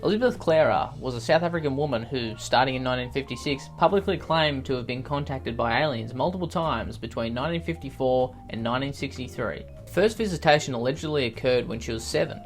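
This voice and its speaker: A man riffs through a comedy video in a sarcastic, self-mocking tone. His voice sits at an ordinary middle pitch, and light music plays quietly underneath. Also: fast talker, few pauses. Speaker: YouTuber host. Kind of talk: comedic vlog commentary.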